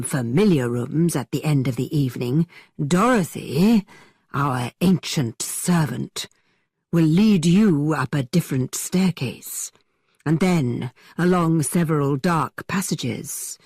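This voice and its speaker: A woman voicing a teasing young man who tells spooky tales in a dramatically low voice. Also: breathy edge, dry recording, clean studio sound, exaggerated voice. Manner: dramatically low, hushed storytelling.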